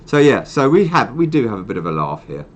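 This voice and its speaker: A man's voice: medium pitch, very animated, quick pace. An older man hosting a charity live stream, chatting in a rambling, self-mocking way. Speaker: charity host. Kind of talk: casual live-stream chat.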